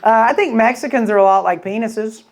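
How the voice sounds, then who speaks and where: The comedian's voice sits high and moves a little fast as he delivers a rambling, crude stand-up set of stories and voiced-out quotes. It's captured as live club audio in front of an audience that keeps laughing.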